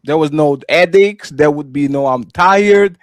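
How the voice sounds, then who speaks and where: A man's voice: fairly high pitch, moderate pace, no echo. A man hosting a live-stream talk show, playful and teasing, apologizing in a joking way. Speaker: host.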